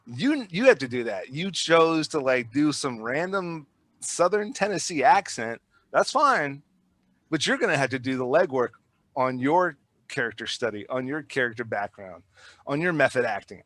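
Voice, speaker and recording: A man, a filmmaker guest, telling stories in a casual podcast chat, rambling and animated, with frequent restarts and repeated words. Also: medium pitch, normal speed, no room sound.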